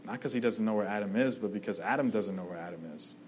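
A man's voice: on the low side, fast talker, a little mellow, a little hiss or hum, rough recording. A man preaching a sermon in a conversational way, often checking in with "right?" and restarting his phrases.

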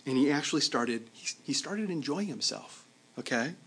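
A man's voice: medium pitch, expressive, normal speed, gravelly, husky. Conversational male preacher giving a sermon. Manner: conversational, checks in with "okay?", repeats words. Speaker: pastor.

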